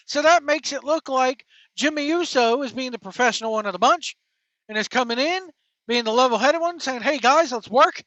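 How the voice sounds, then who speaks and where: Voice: high-pitched, fairly quick, fairly bright tone, no echo. A wrestling show host giving casual, informal commentary with slangy, emphatic phrasing. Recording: dull lo-fi, dry.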